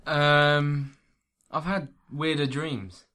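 A man in a casual podcast chat, speaking hesitantly with many halting fillers. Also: fairly high pitch, flat delivery, pushed and bright.

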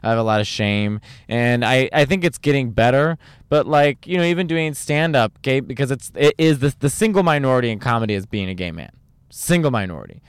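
A man's voice: medium pitch, smooth, no room sound. A man who is a stand-up comedian, chatting animatedly on a podcast with lots of restarts. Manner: animated, rapid, full of restarts and impressions. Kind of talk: casual podcast chat.

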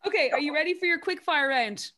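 A woman with an Irish accent hosting a podcast, firing off brisk, upbeat quick-fire questions. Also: sits high, pushed and bright. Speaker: podcast host. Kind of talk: interview questions.

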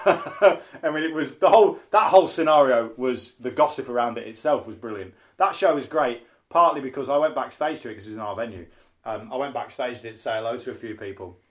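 A man's voice: mid-range voice, a little fast. A man hosting a podcast, telling chatty, funny anecdotes and acting out the people he quotes. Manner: chatty anecdotes, acts out quoted voices, frequent "um". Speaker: podcast host, wrestling promoter and announcer. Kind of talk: casual podcast storytelling.

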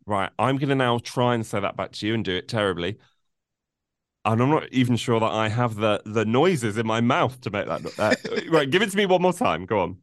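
A man's voice: on the low side, lively intonation, brisk, no room sound, studio quality. Playful man hosting a podcast. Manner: playful, self-mocking, hesitant restarts. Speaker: podcast host. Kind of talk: casual podcast interview.

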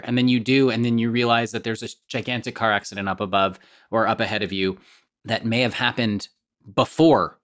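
A low-voiced man hosts a relaxed interview about meditation. He speaks reflectively and haltingly, often doubling words as he works toward his question. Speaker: podcast host. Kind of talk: conversational interview.

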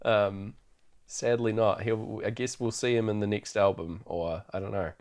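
A man's voice: on the low side, fairly even intonation, normal speed, darkish tone. A man hosting a podcast, chatting loosely through a film recap and laughing often. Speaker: podcast host. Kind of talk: casual film recap chat.

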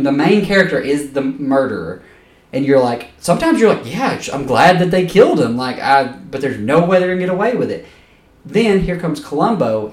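A man's voice: medium pitch, reverberant, far from the mic. A man co-hosting a podcast in casual chat, enthusiastic and loose, swearing freely as he gushes. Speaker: podcast co-host.

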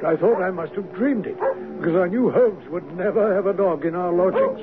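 A man's voice: high voice, a little fast, over music, lightly acted. An actor playing a flustered, loyal male doctor who also narrates a radio drama, with a hesitant, stammering manner. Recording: tinny lo-fi radio broadcast with faint hiss.

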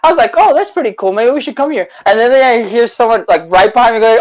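A man's voice: very high-pitched, animated, fast, hardly any pauses, low-quality recording. Laid-back man telling convention stories. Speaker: podcast co-host. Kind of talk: casual chat.

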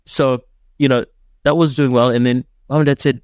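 A man's voice: medium pitch, steady tone, moderate pace, no room sound, clean studio sound. A young adult man from Dubai, a podcast guest telling his story in casual chat, often tagging sentences with "right?". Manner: storytelling, frequent "right?" tags.

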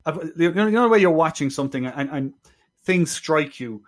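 A man's voice: on the high side, animated, brisk. A man co-hosting a film podcast, talking with many hesitant restarts and a tone of exasperated disbelief. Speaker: podcast co-host. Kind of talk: casual film review chat.

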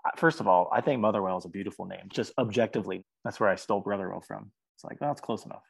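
A man's voice: on the low side, very fast, gravelly, slightly rough, dry recording. A man, a musician guest on an interview podcast, talking in an earnest, chatty way and laughing often. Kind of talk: casual interview chat.

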